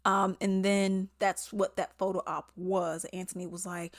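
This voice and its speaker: A woman giving a casual spoken movie review, animated and quick to mimic people in quotes, laughing often. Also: mid-range voice, no echo, studio quality.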